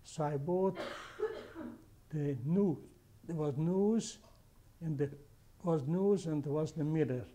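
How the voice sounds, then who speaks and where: An older man with a heavy foreign accent, not a native English speaker, recalling his life in a halting way, with restarts and repeated words. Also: fairly high pitch, warm tone. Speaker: interviewee. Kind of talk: oral history recollection.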